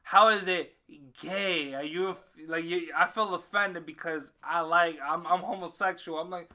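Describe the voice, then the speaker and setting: A man's voice: high-pitched, fairly even intonation, unhurried, bright, forceful tone. A man co-hosting a casual podcast, blunt and laid-back, laughing often. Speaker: podcast co-host. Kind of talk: casual chat.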